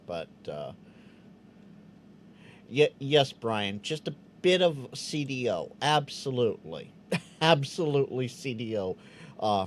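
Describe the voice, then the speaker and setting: A man chats through a live question-and-answer stream, his pitch bouncing around in a lively, expressive way. He stumbles into quick restarts and slips into little acted-out quotes. A faint hum of room noise sits under his voice. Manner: animated, stammering restarts, acts out quoted voices. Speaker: livestream host answering chat questions. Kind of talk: casual live Q&A chat.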